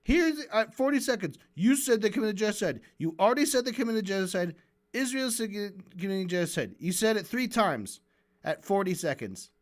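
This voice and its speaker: A livestream host breaks down a debate in a ranting, sarcastic voice, swearing freely. The delivery is heated and stumbles and restarts as the arguments build. The pitch sits in a middle range. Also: animated, moderate pace. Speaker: streamer analyzing a debate.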